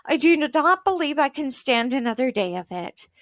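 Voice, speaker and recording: A woman voicing a weary mother in a children's storybook, low and calm but exasperated. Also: moderate pace, dry recording, clean studio sound.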